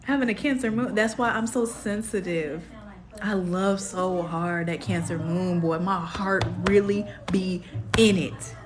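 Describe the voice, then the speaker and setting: A young woman, hosting a casual astrology live stream in a sassy, animated way. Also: mid-range voice, measured pace, crowd noise. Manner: sassy, animated, calls viewers "baby".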